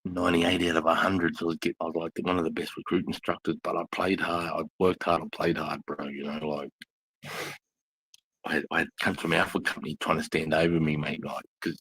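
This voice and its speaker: A man's voice: very deep voice, little pitch movement, brisk, fairly bright tone, breathy edge, no room sound, rough recording. A man, a former army instructor, telling rowdy stories in casual live chat, blunt and full of swearing. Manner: blunt, swears constantly, rambling war stories.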